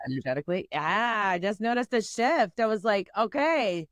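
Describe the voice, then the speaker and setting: A woman's voice: mid-range voice, big pitch swings, moderate pace, no room sound, clean studio sound. A woman hosting a podcast in casual chat, rambling and filler-heavy with lots of "like" and "you know". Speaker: podcast host.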